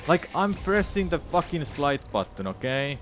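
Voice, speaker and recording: A man's voice: fairly high pitch, big pitch swings, moderate pace, a bit bright, faint music behind. Frustrated, swearing speedrunning streamer man. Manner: frustrated, swearing, muttering to himself. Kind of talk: live streaming commentary while playing.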